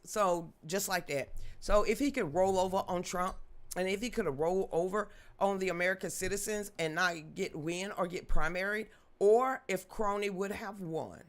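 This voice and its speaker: A woman's voice: mid-range voice, normal speed. A woman hosting a live political commentary show from home, talking in a blunt, colloquial and emphatic way.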